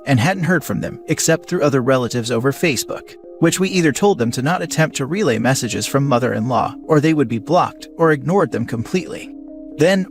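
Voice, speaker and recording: A man narrating a first-person story in an even, conversational reading style. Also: medium pitch. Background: faint music.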